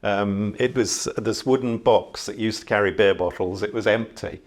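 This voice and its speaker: A middle-aged man from the Channel Islands speaks in a fairly low voice, telling a story like a seasoned ship captain. He's reflective and unhurried in this conversational storytelling, with plenty of "um"s along the way.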